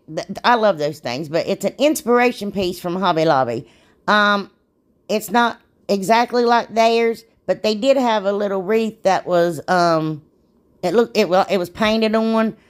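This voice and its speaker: A woman chatting casually through a craft tutorial, rambling and self-deprecating, laughing at herself. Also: medium pitch. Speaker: DIY crafts vlogger.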